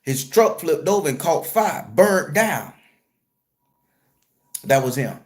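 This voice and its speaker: A man telling a personal story in a casual, profane, joking way, jumping from loud excited retelling to a low murmur. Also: slow pace. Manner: crude, joking, streetwise slang. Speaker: spiritual content creator and tarot reader.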